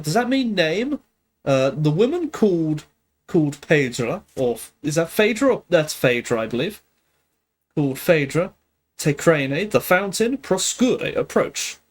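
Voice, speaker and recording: A man thinking aloud at a leisurely pace while working through a language exercise on a live stream, hesitant and checking himself as he goes. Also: a little high. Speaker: streamer studying Greek.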